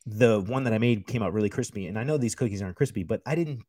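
A man from the United States, a chef, talking in a casual podcast chat, telling animated, profane stories with loud outbursts. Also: lowish voice, quick pace, dry recording, studio quality.

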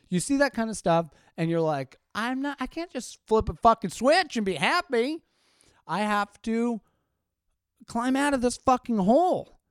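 A man's voice: fairly high pitch, darkish tone, dry recording, clean studio sound. A man hosting a podcast, ranting casually with lots of swearing and short laughs. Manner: profane, sardonic rant with frequent laughs. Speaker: podcast host and stand-up comedian.

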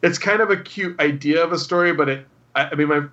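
A man's voice: on the high side, fast, sharp tone, highs cut off. A man chatting casually as a podcast host, enthusiastic and rambling with lots of fillers. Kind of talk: casual chat.

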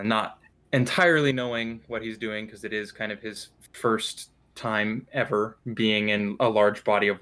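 A man's voice: lowish voice, fairly bright tone. A man narrating a tabletop role-playing game as game master, in a loose, descriptive way with frequent fillers.

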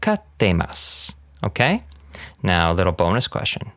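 A man giving a casual podcast language lesson, rambling and laughing often, drilling words slowly. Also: low voice, huge pitch swings, a bit bright, no echo, studio quality. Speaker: language teacher.

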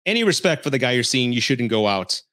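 A man's voice: medium pitch, sing-song, quick pace, a bit bright. A man hosting a casual dating-advice podcast, ranting bluntly with plenty of swearing and frequent laughter. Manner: blunt and profane, laughs often; heated, scolding delivery. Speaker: podcast host.

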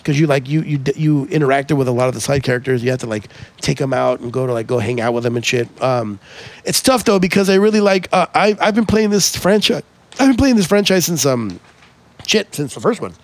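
A man's voice: medium pitch, animated, brisk. A man co-hosting a podcast in casual chat, loose and profane, with lots of fillers and restarts. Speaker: podcast co-host.

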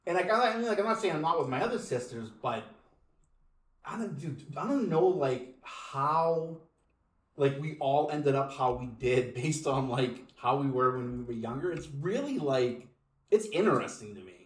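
A man hosts a casual podcast, his voice sitting a bit high and swinging up and down as he talks. He jokes around and swears freely. The sound carries a noticeable room echo. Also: moderate pace. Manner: animated, swearing, jokey. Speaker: podcast host.

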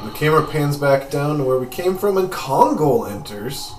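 A man's voice: on the high side, expressive, moderate pace. Echoey chatty let's play guy. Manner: chatty, describes the action. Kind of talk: casual game narration. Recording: echoey room, distant mic, faint music.

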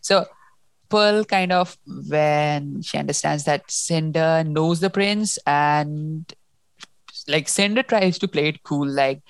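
A woman's voice: sits low, takes it slowly, smooth, dry recording. A woman co-hosting a casual book discussion, talking emotionally and often restarting as she reacts to the story. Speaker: podcast co-host.

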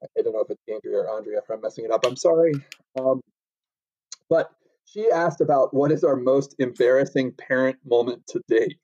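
Male co-host, husky, laid-back rambler, muffled recording. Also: medium pitch, moderate pace, dark tone, no echo. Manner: laughs often, loose filler-heavy talk. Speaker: podcast co-host. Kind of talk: casual chat.

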